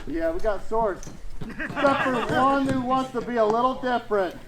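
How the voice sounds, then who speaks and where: A man's voice: extremely high pitch, normal speed, a crowd in the background. A man presenting a combat demonstration, explaining historical weapons to an audience outdoors. He projects his voice and lectures in short phrases. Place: outdoors at a reenactment event.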